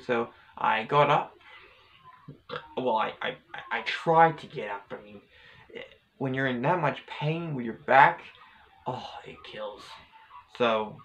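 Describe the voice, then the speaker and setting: A man's voice: medium pitch, creaky, a bit bright, rough recording. A man vlogging casually, telling a personal story in a rambling, hesitant way with many restarts.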